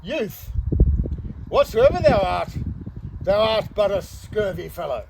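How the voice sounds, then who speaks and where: A man playing a jovial, scheming knight in an open-air amateur Shakespeare production, delivering his lines slowly with relish. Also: high voice, lively intonation, gravelly, heavily acted. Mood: mock-solemn. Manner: relishing, drawn-out delivery with bursts of loud declaiming. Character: boisterous scheming middle-aged knight, male, jovial prankster. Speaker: amateur stage actor. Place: open-air stage under the stars. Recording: outdoor stage with background noise.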